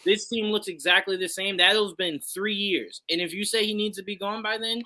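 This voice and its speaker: Male co-host who argues his point with rhetorical questions, high piercing bright voice. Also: steady tone, a little fast. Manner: emphatic, poses and answers his own rhetorical questions. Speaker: podcast co-host. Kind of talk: casual live sports chat.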